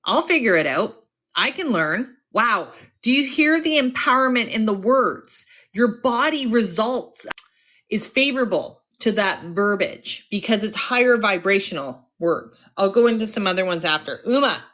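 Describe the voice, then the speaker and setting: A woman's voice: on the high side, lively intonation, moderate pace, a bit bright. A woman hosting a live-stream motivational talk, upbeat and coaching, speaking straight to her viewers. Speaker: host.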